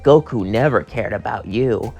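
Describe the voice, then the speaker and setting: A man voicing a gloating alien sorcerer in a high, taunting voice. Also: normal speed, gravelly, darkish tone, soft background music.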